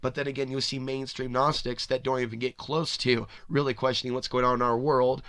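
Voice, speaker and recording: A man's voice: medium pitch, flat delivery, brisk, fairly bright tone, smooth, no room sound. A man hosting a podcast, talking in a rambling, speculative monologue full of "you know" and restarts. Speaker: podcast host. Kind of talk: spoken monologue.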